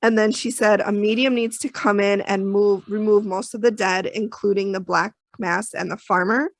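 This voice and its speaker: Woman podcast co-host, gravelly mid voice, chatty and emotional. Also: mid-range voice, steady tone, normal speed, no room sound. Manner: emotional, chatty, many fillers and restarts. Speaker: podcast co-host recapping an episode. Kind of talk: casual chat.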